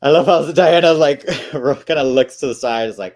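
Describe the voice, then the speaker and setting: A man's voice: on the high side, normal speed, a little mellow. A man hosting a movie watchalong, casually commenting on scenes, laughing often and playfully quoting the characters.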